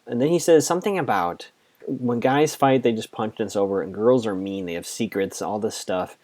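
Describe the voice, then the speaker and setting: A man's voice: on the low side, normal speed, a little mellow. A man hosting a podcast, casually recapping a TV episode in a chatty, reactive way, quoting characters as he goes. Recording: muffled lo-fi audio.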